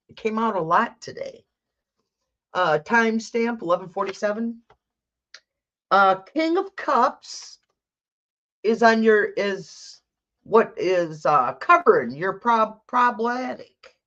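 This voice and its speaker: Woman, tarot reader, unhurried speech, casual rambling chat, muffled lo-fi recording. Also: medium pitch, lively intonation, a bit bright. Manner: chatty, thinks aloud, self-correcting. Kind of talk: live tarot reading chat.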